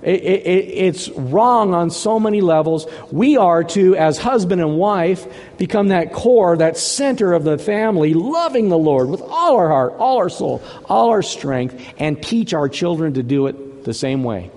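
Male pastor, fairly high voice, emphatic sermon delivery, hall reverb. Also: animated, unhurried, hardly any pauses. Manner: emphatic, swings from hushed to forceful.

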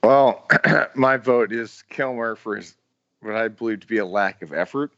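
A man with a low voice co-hosting a movie podcast, teasing and playfully grilling his friends. His audio sounds dull and very dry. He talks loosely and conversationally. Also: moderate pace, fairly bright tone, no echo. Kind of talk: casual movie-review chat.

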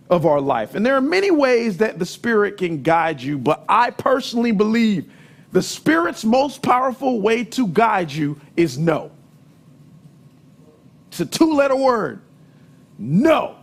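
A middle-aged man with a high voice preaches a sermon, weaving in lively stories from family life. He leans hard on key words and at times raises his voice to a shout. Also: creaky. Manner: lively storytelling, emphatic, sometimes shouting.

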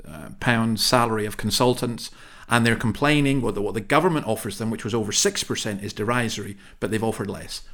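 A man's voice: mid-range voice, fairly bright tone. A Scottish man hosting a podcast, opinionated and chatty. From Scotland. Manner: opinionated, chatty, laughs easily. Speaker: podcast host. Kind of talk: casual chat.

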